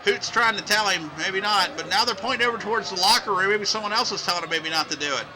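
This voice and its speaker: A man with a high, light voice calls old wrestling footage play-by-play as the show's host. He gets excited and shouts on the big moves, then wanders off into loose, rambling asides. A clear layer of background noise runs under the recording. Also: fast. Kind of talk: play-by-play commentary over old match footage.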